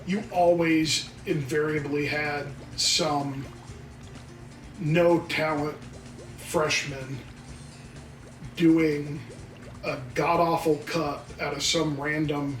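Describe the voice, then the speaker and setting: A man's voice: on the high side, flat delivery, very slow, pauses often, fairly bright tone, echoey room, recorded from a distance, soft background music, poor audio. A man co-hosting a casual gameplay video, joking and theatrical as he wanders off on tangents. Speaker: co-host of gaming channel. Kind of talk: casual let's play banter.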